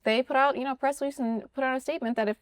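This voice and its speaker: A woman hosts a politics interview, her voice sitting at an everyday middle pitch. She talks quickly and casually, filling her sentences with "you know" and "like". The sound is dry and close. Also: fairly even intonation, no echo. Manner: brisk, conversational, many fillers like "you know" and "like". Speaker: podcast host.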